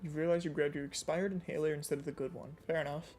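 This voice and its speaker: A young man chatting casually on a game stream, full of jokes and quick laughs. His voice sits high for a man. He banters loosely with friends and chat. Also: fairly even intonation, a little mellow, soft background music. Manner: joking, giggly banter.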